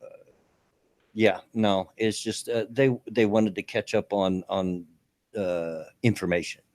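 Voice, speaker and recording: A man's voice: fairly low pitch, fairly even intonation, slow pace, a little mellow. An older man co-hosting a casual online radio chat, folksy and rambling with many fillers. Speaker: co-host.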